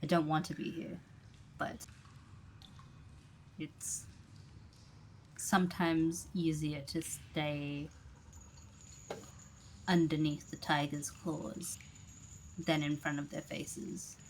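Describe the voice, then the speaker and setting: A woman's voice: low-pitched, flat delivery, takes it slowly, long pauses, slight background noise. A woman voicing a guarded, world-weary cloaked male stranger with clawed hands in a tabletop game.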